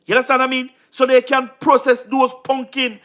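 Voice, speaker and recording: A man's voice: very high-pitched, monotone, brisk, a bit bright, faint music behind. A man with a Jamaican accent hosting a casual livestream, talking emphatically, repeating himself and often asking if you understand. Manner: repetitive, emphatic, keeps asking "you understand what I mean?". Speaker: livestream host.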